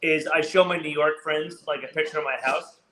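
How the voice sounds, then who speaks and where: A man's voice: on the high side, fairly even intonation, a little fast, background noise. A man hosting a casual podcast, laughing a lot and swearing as he chats. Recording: echoey room.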